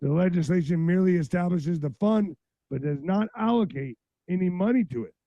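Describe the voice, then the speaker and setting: A man hosting a profane political podcast, reading headlines and ranting bluntly as his voice wears hoarse. His voice sits a bit high yet sounds mellow and dark. The recording is dry and muffled, with a dull lo-fi quality. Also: dry recording. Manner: blunt, heated, reads news aloud then rants. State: voice going hoarse. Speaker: podcast host. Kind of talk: profane political livestream commentary.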